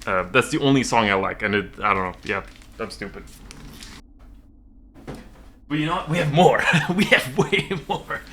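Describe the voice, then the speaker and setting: A man's voice: medium pitch, lively intonation, moderate pace, long pauses, sharp tone, a little hiss or hum. A young man from Sweden streaming from home, rambling nervously with lots of giggling.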